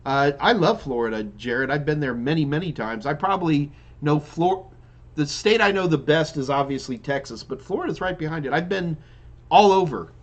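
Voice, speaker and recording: A man hosts a live tech question-and-answer stream, reading viewers' questions aloud and answering off the cuff. His voice sits a little high for a man, and he talks loosely, circling back and restarting sentences, yawning from time to time. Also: animated, normal speed, highs cut off. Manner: loose and chatty, with frequent restarts and fillers. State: yawning repeatedly. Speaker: live Q&A host and IT trainer.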